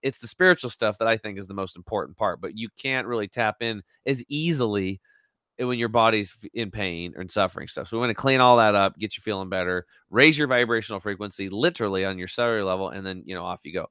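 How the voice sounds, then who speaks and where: A man in his late forties tells a story in an interview with plenty of energy, acting out the lines of the people in it. His voice sits low and sounds smooth and resonant. The recording is dry and close. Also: fast, dry recording. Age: 40s. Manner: energetic, acts out quotes. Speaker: guest.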